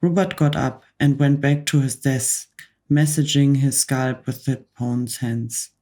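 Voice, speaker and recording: Slow, whispering woman reading aloud. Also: extremely low pitch. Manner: soft, calm whispered reading. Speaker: ASMR book reader. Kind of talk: whispered role-play.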